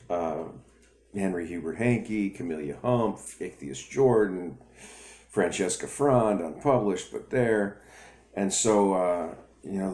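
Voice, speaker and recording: A man's voice: low-pitched, a little mellow. A man hosting a ministry video, telling a story in a rambling way with restarts. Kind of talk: storytelling sermon. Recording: echoey room.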